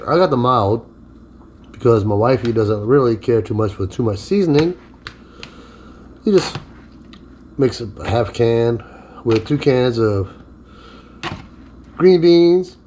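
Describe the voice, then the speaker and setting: Speaking slowly with frequent pauses, a cooking vlogger with a slightly mellow, medium-pitched voice walks viewers through a casual home-kitchen demonstration. He chats loosely, turns to his dog from time to time, and a faint hiss sits under the recording.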